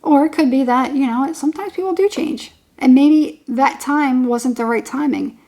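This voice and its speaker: A woman with a high, light voice talks through a tarot reading in a loose, casual way. She rambles and circles back to the same points again and again, often laughing. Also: normal speed, warm tone. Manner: chatty, rambling, repeats herself, laughs often. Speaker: tarot reader.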